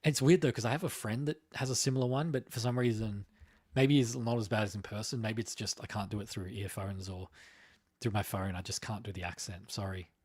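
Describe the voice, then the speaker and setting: A man's voice: on the low side, steady tone, brisk, darkish tone, husky, no echo. A man from Australia hosting a casual political live stream, rambling as he reads out chat comments.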